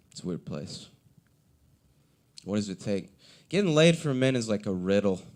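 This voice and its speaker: A man's voice: medium pitch, darkish tone. Rambling young man doing stand-up. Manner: rambling, self-deprecating storytelling with acted-out quotes. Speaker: stand-up comedian. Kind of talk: stand-up comedy set at an open mic. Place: coffee shop open mic.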